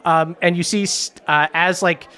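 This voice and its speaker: A man narrating as game master of a tabletop game, halting with many fillers. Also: high-pitched, fairly even intonation, sharp tone, smooth.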